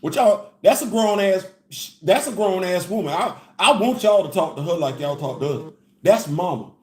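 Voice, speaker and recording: An animated man with hosts a casual commentary, his voice sitting a little high for a man. He keeps circling back to the same phrases and breaks into laughs. The sound rings in a roomy, echoey space. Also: moderate pace. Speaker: host. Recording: echoey room.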